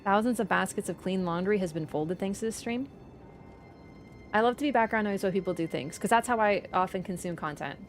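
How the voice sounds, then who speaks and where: A woman livestreamer in casual chat, animated and teasing toward viewers and swearing casually. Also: medium pitch, a little fast, soft background music.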